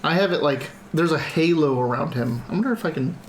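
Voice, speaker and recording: A man running a tabletop game as dungeon master, explaining rules in a relaxed way with restarts. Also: fairly high pitch, fairly quick, slight background noise.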